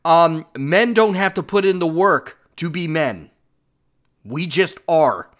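A middle-aged man hosts a podcast, playing clips and offering blunt, sarcastic commentary on them, repeating himself as he argues his opinions. His voice is fairly high and fairly bright, animated yet slow in pace.

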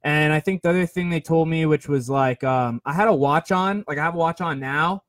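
A man's voice: on the high side, a little fast, a bit bright, no room sound. Chatty young man, dry close sound. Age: 20s. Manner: rambling, filler-heavy, self-deprecating. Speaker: podcast host. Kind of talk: casual storytelling monologue.

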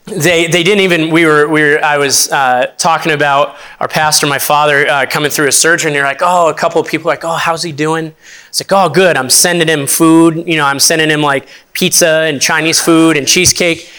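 A young man, an associate pastor, preaching a sermon in an earnest, halting way with many restarts. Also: fairly high pitch, bright, forceful tone.

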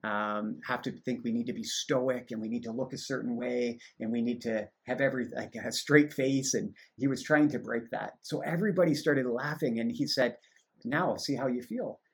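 A man's voice: medium pitch, normal speed, few pauses, slightly rough. A man hosting a livestreamed faith podcast, chatting casually and telling stories with frequent laughter. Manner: animated storyteller, laughs often. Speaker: podcast host.

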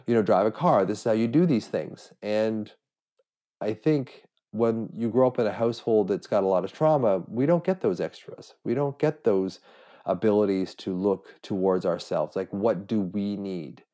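A man's voice: on the low side, moderate pace, dark tone. A middle-aged man hosting a solo podcast, talking in an earnest, self-searching way with frequent restarts while he has a cold. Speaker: podcast host. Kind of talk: reflective solo podcast monologue.

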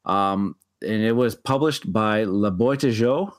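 A man's voice: lowish voice, a little slow, clear, resonant tone. A man co-hosting a casual board game chat, often stumbling over and repeating his words and breaking into laughter. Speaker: board game podcast co-host.

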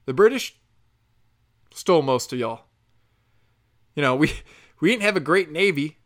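This speaker rants in a sarcastic, foul-mouthed comedic style. The pitch is in a middle range, and the voice jumps up high and loud for emphasis before dropping into low mutters. It sounds like an improvised solo monologue. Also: lively intonation, unhurried. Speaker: solo commentator. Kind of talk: profane comedic rant.

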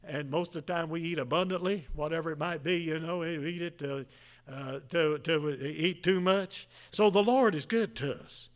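This older pastor, in his seventies, gives a down-home sermon, his voice pitched slightly high for a man. He stumbles along in a folksy manner, restarting often and using plenty of fillers as he covers each point.

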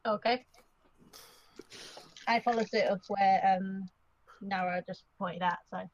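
A woman playing in a casual tabletop game, speaking in a halting, hesitant way. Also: medium pitch, steady tone, highs cut off. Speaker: player.

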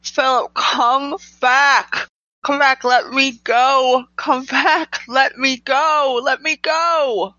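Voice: medium pitch, steady tone, slow, creaky, hardly any pauses, bright, forceful tone, no echo, muffled recording, exaggerated voice. A tabletop player voicing Cookie, a desperate, defiant young woman who screams to be let go. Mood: frantic pleading.

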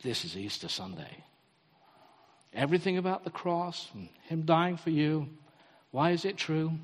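A man preaching a sermon in a church, telling stories in an animated way and acting out the quotes. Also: fairly high pitch, moderate pace, breathy edge. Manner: animated storytelling, acts out quotes. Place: church hall. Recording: long hall reverb.

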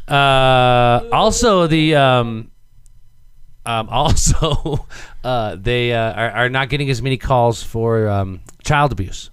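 A man's voice: medium pitch, slow, clean tone, dry recording. A middle-aged man co-hosting a casual banter show, reading news items aloud and then joking about them. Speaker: co-host.

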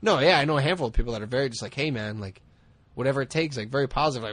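A man co-hosting a podcast, rambling through casual comedic chat, self-mocking and quick to laugh. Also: mid-range voice, fairly bright tone. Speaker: podcast co-host.

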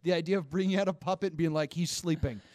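A man's voice: a little high, fairly even intonation, fast, darkish tone, dry recording, studio quality. A man chatting casually and teasingly, laughing often. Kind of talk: casual comedic chat.

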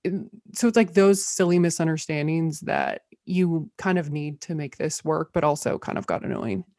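Low-voiced woman chatting about tv, bubbly, lots of "like", dry mic. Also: moderate pace, darkish tone, no room sound. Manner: bubbly, many "like" fillers. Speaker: podcast co-host. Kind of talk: casual review chat.

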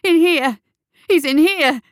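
A scheming, theatrical male coroner, as a woman narrator puts him on for a storybook reading. He hatches plots in low whispers and bellows frantic orders with dramatic flair. The recording is dry and close. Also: a little fast, vocal fry, no echo. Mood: frantic shouting. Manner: conspiratorial whispers, frantic shouting.

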